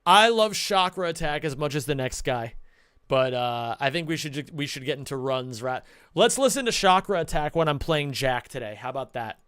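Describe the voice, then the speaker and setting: A male streamer with a high, bright voice chats to his viewers in a loose, rambling way, excited and quick to swear. He is close to the mic in a dry room with no echo at all. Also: smooth. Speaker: streamer and speedrunner. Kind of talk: casual live-stream chat.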